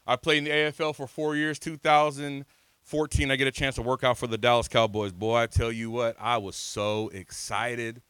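Animated man preaching to a congregation. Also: mid-range voice, normal speed, clear, resonant tone, dry recording. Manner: animated, calls on the crowd, swings from soft to shouting. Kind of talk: energetic sermon with storytelling. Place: church hall before a congregation.

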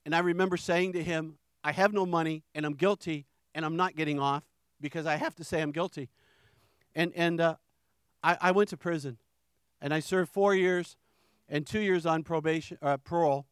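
A man's voice: fairly high pitch, steady tone, normal speed, clean tone, no room sound. A middle-aged man from New York giving an earnest personal testimony in church, often repeating and restarting words. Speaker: ministry founder giving testimony.

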